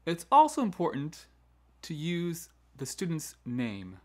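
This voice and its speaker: In a slow, mellow delivery with a fairly high voice that swoops wildly in pitch, a man hosts a choral education lesson on classroom management. He keeps it conversational, often tossing in "right?" and restarting, and he models teacher commands firmly with a downward inflection.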